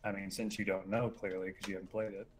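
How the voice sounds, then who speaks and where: A relaxed man in casual gaming chat with a fairly low voice. He talks about games at an easy, unhurried pace. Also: background noise.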